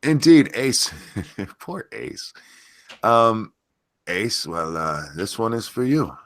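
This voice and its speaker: A man's voice: on the low side, very animated, slow pace, a bit bright, no echo. A man hosting a live stream in casual chat, stuffy and unwell, joking and swearing as he goes. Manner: joking, profane, easily sidetracked. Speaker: stream host.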